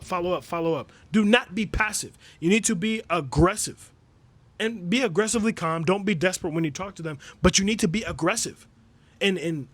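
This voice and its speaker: Emphatic high-voiced man coaching. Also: fairly bright tone, no echo. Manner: emphatic, repetitive, rhetorical questions. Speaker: business coach. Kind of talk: motivational coaching talk. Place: resort suite.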